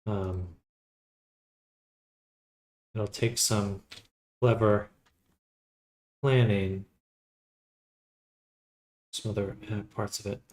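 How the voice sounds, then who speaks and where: Slow, low-voiced man streaming. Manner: relaxed, thinking aloud with pauses. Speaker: 3D modeling streamer. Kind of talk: casual live-stream commentary while working.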